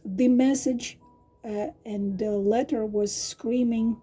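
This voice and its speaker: A woman tarot reader with a hoarse, partly lost voice, talking casually and haltingly with many fillers and restarts. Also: a little high, steady tone, mellow, soft background music. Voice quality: husky, breathy. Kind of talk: casual tarot reading monologue.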